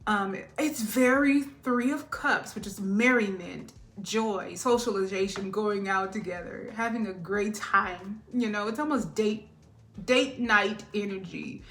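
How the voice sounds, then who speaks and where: A woman talks through a tarot reading in a loose, chatty way. She laughs often and wanders off topic before coming back to the cards. Her voice sits at an ordinary middle pitch. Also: measured pace, fairly bright tone. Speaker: tarot reader.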